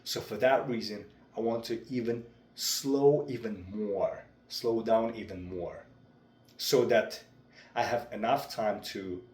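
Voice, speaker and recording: A young man talking through his speaking practice in a vlog, with a deliberate, measured delivery. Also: fairly low pitch, a little mellow. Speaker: vlogger. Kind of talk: reflective speech-practice vlog. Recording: roomy echo.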